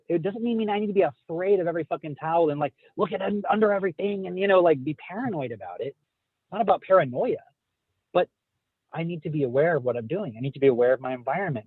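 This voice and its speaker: A man's voice: on the high side, breathy edge, no room sound. A man in his thirties calling in to a casual group podcast chat, rambling and swearing casually. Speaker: podcast co-host. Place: calling in while out driving. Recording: tinny phone line.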